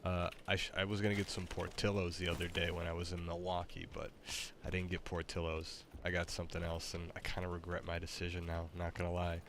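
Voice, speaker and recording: Laid-back deep-voiced young man. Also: completely flat delivery, fairly quick. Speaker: gamer. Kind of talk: casual chat while gaming. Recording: noisy, with gunfire behind.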